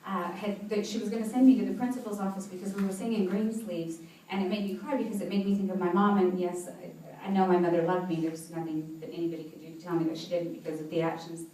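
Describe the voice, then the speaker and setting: A woman's voice: lowish voice, fairly even intonation, quick pace, few pauses, warm tone. A woman giving an inspirational talk to a live audience, telling personal stories and often laughing. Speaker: motivational speaker. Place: event hall with seated audience. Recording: echoey hall, voice from far off.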